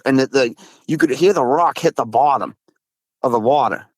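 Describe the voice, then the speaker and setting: A man from Massachusetts, a guest recounting his encounters in casual storytelling, excitable, with frequent restarts and slang. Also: mid-range voice, moderate pace, no room sound. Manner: excitable, swears, says dude a lot, frequent restarts.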